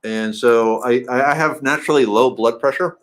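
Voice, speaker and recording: A man's voice: mid-range voice, moderate pace. A middle-aged man chatting casually in a home vlog, rambling and throwing in playful sing-song asides. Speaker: vlogger.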